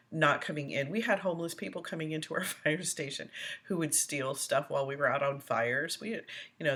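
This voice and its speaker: A woman's voice: low-pitched, fairly bright tone, husky. A middle-aged woman hosting a casual commentary stream, chatting and rambling as she reads viewer comments aloud, often laughing. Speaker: host.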